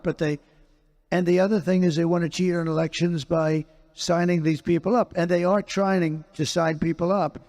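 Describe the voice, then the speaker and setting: Man, politician, interview, high-pitched voice, emphatic, repetitive phrasing. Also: darkish tone. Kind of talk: unscripted interview conversation.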